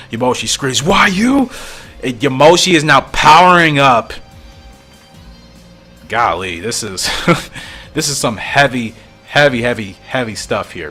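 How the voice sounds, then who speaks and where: Laughing frequently, this man hosts a channel where he eagerly reads through a fan comic and adds his own commentary. His voice sits at a medium pitch.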